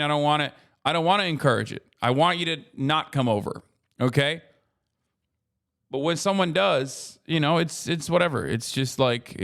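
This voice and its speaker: A man's voice: on the high side, fairly bright tone. A man talking casually as a streamer while reacting to a video, rambling and swearing a lot as he acts out how strangers react to him. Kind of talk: casual profane commentary.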